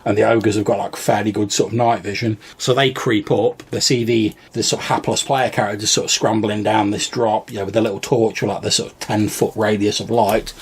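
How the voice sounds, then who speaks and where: A man's voice: fairly low pitch, steady tone, brisk, few pauses, husky. A man, a podcast co-host and game master, casually retelling a tabletop game session in a rambling way full of fillers and restarts. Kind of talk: casual storytelling chat.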